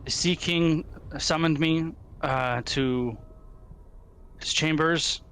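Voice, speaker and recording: A man voicing a shaken male ship captain who recounts his ordeal in halting, haunted speech. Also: fairly high pitch, fairly bright tone, clean tone.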